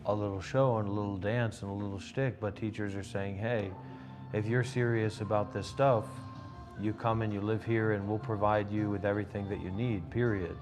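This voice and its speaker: A man with a low voice talks as a meditation teacher in a casual spiritual conversation, rambling and peppering his talk with fillers. He gets pushy and insistent when he pushes a point. Clear music plays underneath. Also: fairly even intonation, normal speed. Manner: rambling and insistent, many "you know" fillers. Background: background music.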